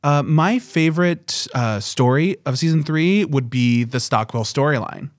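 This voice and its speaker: A man's voice: fairly high pitch, lively intonation, a little slow, no echo, studio quality. A man co-hosting a podcast, talking things through in a thoughtful, analytical way. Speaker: podcast co-host. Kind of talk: casual chat.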